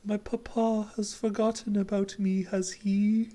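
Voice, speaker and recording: A man voicing a pampered young noblewoman held in prison, speaking in a high, giggly voice over loud game music. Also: level tone, measured pace. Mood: bubbly.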